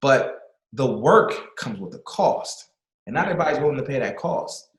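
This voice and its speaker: A man speaking as a guest in a casual conversation, animated and motivational, often repeating words for emphasis. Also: medium pitch, moderate pace, echoey room, rough recording. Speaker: podcast guest. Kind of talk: casual video-call conversation.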